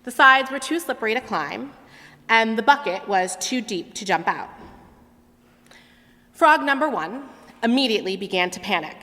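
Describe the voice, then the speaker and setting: A woman leading a worship service, telling a story in an expressive storyteller's manner. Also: fairly high pitch, moderate pace, pauses often. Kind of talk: sermon storytelling. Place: large sanctuary. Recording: long hall reverb.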